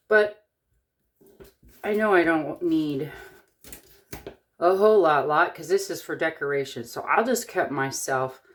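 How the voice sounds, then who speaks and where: A middle-aged woman from Eastern Washington, chatting casually and thinking aloud as she shows a wire-wrapping craft, with the odd corny joke. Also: a bass voice. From Eastern Washington, USA. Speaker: jewelry-making tutorial host.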